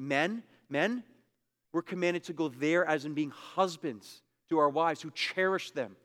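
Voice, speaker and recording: A man preaching a sermon as pastor, emphatic and repetitive, swinging between loud bursts and hushed asides. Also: mid-range voice, big-room sound.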